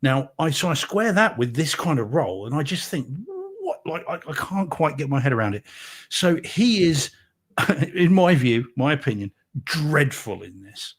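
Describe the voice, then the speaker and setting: A man's voice: fairly high pitch, sing-song, normal speed, husky. A man co-hosting a podcast, chatting casually about films in a rambling, emphatic way that keeps restarting. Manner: rambling, self-correcting, emphatic. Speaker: podcast co-host. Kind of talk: casual film review chat.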